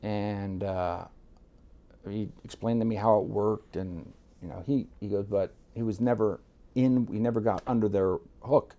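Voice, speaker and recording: A man from Miami tells stories as a guest, blunt and unpolished, with swearing. His voice is gravelly and dark. He slips into quoted voices as he talks. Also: lowish voice, fairly even intonation, unhurried. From Miami, United States. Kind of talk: casual storytelling.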